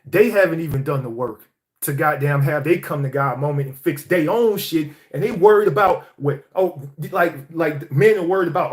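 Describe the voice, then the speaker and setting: Young man, fairly high voice, preachy and profane motivational vlog rant. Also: normal speed. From Atlanta, US. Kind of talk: motivational monologue.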